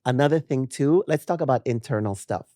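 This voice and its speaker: Man, late fifties, from the West Indies, guest makeup artist, casual chat, animated, dry close mic. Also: mid-range voice, no room sound. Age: 50s. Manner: animated, laughing, drawn-out emphasis.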